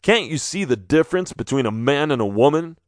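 A man's voice: fairly high pitch, animated, a little fast, no echo, clean studio sound, natural voice. A man voicing a mocking schoolboy bully in a children's storybook, sneering.

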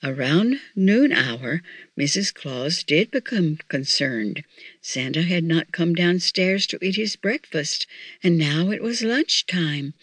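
Slow-reading woman storyteller. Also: lowish voice, expressive, no room sound. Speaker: audiobook narrator. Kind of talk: children's story narration.

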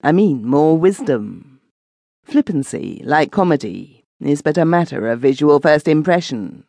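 A woman voicing a thoughtful man who tells a grim tale in a measured, sober way. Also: low voice, very animated, mellow, dry recording, full character voice. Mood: musing.

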